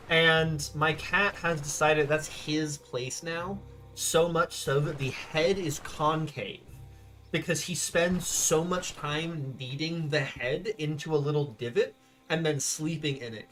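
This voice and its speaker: Male streamer, bright and forceful tone, rambling casual play-by-play, faint music behind. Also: on the high side, a little slow. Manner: chatty, rambling, talks to viewers. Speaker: game streamer. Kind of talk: casual gameplay commentary.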